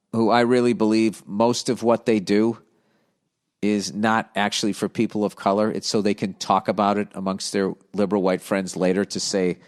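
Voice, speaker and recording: Profane ranting podcast host, man. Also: fairly low pitch. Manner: blunt profane ranting with lively animated swings. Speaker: comedian podcast host reading listener mail. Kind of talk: casual podcast rant.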